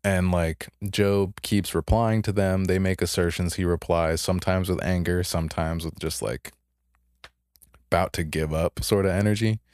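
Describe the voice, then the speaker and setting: A man's voice: deep voice, steady tone, moderate pace, a little mellow, smooth, no room sound, studio quality. A young man co-hosting a podcast, casually retelling a story and acting out the characters' lines in a laid-back way. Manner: laid-back, retells stories with put-on voices. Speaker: podcast co-host.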